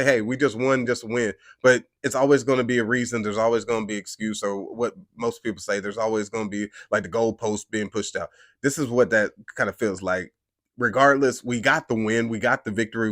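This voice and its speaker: A man's voice: mid-range voice, fairly bright tone, no echo, clean studio sound. A man hosting a podcast, giving a rambling, emphatic and frustrated fan reaction after a game. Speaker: podcast host.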